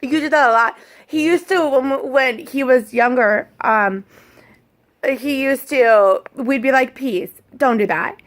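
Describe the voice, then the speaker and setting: A woman's voice: sits high, slow. A woman co-hosting a casual chat as a parent, explaining carefully and thoughtfully and rephrasing her questions as she goes. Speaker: parent and co-host.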